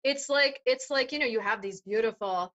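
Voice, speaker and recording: A woman voice coach explaining voice resonance in an animated, demonstrative way during an interview. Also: fairly high pitch, normal speed, highs cut off. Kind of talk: interview conversation.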